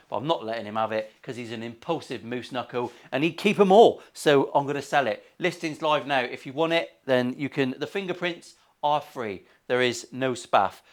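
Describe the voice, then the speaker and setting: A middle-aged man, a luthier chatting casually through a workshop vlog, full of swearing and jokey banter. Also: medium pitch. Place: guitar workshop.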